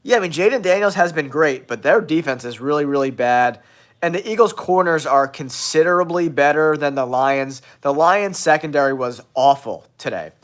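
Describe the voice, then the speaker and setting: A man hosting a football talk show, sounding nasal from a cold, giving blunt, excitable hot takes to his viewers. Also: on the high side, normal speed. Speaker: sports show host.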